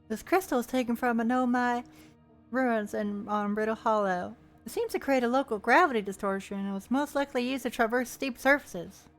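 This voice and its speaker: A playful woman streamer talks over a game, reading its text aloud and tossing in jokes between lines. Her voice sits a little high. Soft game music plays faintly behind her. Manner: playful, chatty, reads text aloud with asides.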